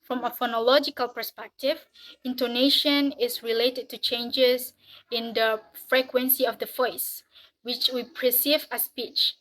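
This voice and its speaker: A woman with a somewhat high voice reads her section of a class presentation. Her delivery is steady and measured, with each phrase read as written. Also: poor audio. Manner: steady, even reading of prepared text. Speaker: student presenter.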